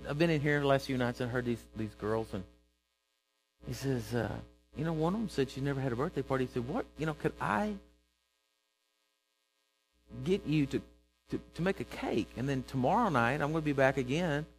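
A man preaching a sermon, telling a story and acting out its characters with bursts of loud emphasis. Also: medium pitch, a little fast, soft background music, poor audio.

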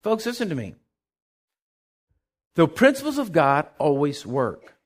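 Animated man preaching a sermon. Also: fairly high pitch, measured pace. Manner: animated storytelling, acts out quotes, sudden shouts. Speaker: pastor.

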